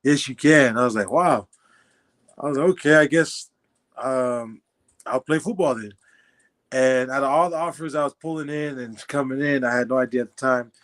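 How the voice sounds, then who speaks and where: A man's voice: mid-range voice, normal speed, fairly bright tone. A young man in his twenties, a podcast guest casually telling his life story, acting out dialogue and laughing often. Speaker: podcast guest, former football player.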